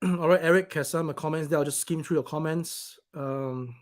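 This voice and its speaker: A man's voice: a little high, moderate pace. Annoyed guy ranting on his livestream, swears a lot, rambles between comments. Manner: irritated, blunt, swears, rambling. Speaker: company owner hosting a live stream. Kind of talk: casual live stream, reading viewer comments.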